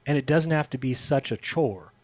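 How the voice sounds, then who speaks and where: A man's voice: mid-range voice, expressive, normal speed, a little mellow, no room sound. A man as a podcast guest, telling a story in casual conversation and acting out the people he quotes with a raised voice.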